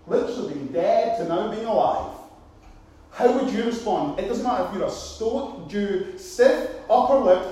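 Animated preacher man, very echoey hall. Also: very high voice. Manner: animated storytelling, repeats for emphasis. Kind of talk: sermon.

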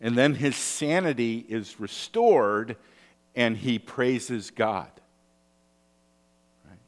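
A man preaching a sermon, telling stories in an animated way with asides and rhetorical questions. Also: medium pitch, extremely slow. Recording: long hall reverb.

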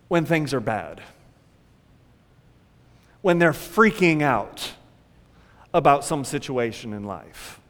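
A male pastor preaching an animated sermon, acting out panicked prayers along the way. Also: sits high, in a large hall.

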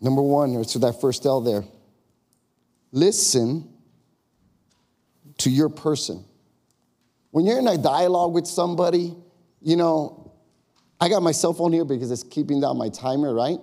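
A man's voice: a little high, measured pace, pauses often, dark tone. A male pastor preaching a conversational sermon, acting out quoted questions in a raised voice.

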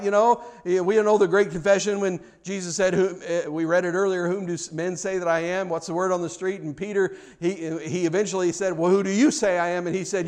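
A middle-aged man preaching a sermon as pastor, earnest and animated, often repeating words as he restarts his sentences. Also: high-pitched, fairly quick, few pauses.

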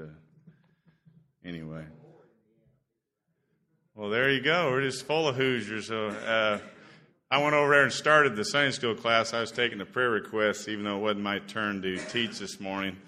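A man's voice: sits low, sharp tone. A man in his sixties from Indiana, opening a sermon as guest preacher in a folksy, self-deprecating storytelling way with many fillers. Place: church sanctuary.

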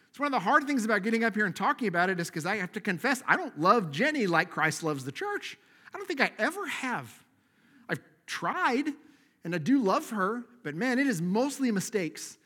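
A man's voice: high-pitched, bright, forceful tone. A middle-aged man preaching a sermon as pastor, conversational and self-deprecating, laughing at himself now and then.

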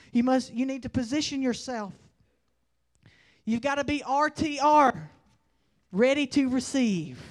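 A man preaching a fiery revival sermon, swinging between loud bursts and slow, emphatic lines. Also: very high voice.

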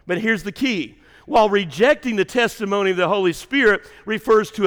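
A male pastor preaching in a church sanctuary with a high, bright, forceful voice. He climbs to shouted peaks, then drops to hushed, almost whispered lines. Long reverb from the hall trails every phrase. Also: brisk, hardly any pauses. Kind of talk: sermon.

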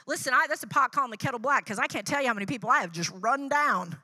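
A woman's voice: high voice, lively intonation, fast, hardly any pauses, pushed and bright, no room sound. A woman preaching a sermon through personal stories, talking conversationally, checking in with "right?" and acting out the dialogue she quotes. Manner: conversational, tags lines with "right?".

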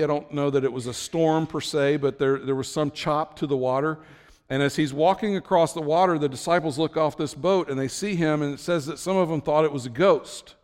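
A man preaching a sermon, telling the story with lively swings from low, quiet asides to high, excited bursts. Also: smooth, in a large hall. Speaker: pastor.

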